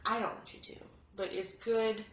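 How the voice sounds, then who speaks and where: A woman casually showing a candle spell step by step, chatty and often dropping to a hushed murmur. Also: mid-range voice, level tone, moderate pace. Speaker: spiritual vlogger. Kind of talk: casual how-to demonstration. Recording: echoey room with background noise.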